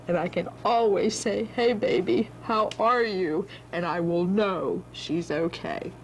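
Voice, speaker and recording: A woman's voice: lowish voice, a little hiss or hum, low-quality recording. A middle-aged woman telling the emotional story of reuniting with her daughter, in a tender, rambling way with a few laughs. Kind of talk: emotional personal testimony.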